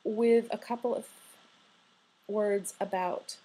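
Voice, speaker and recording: A woman's voice: medium pitch, fairly even intonation, takes it slowly, warm tone, breathy edge, low-quality recording. A woman giving a recorded university grammar lecture, conversational and wry, often posing questions to her students.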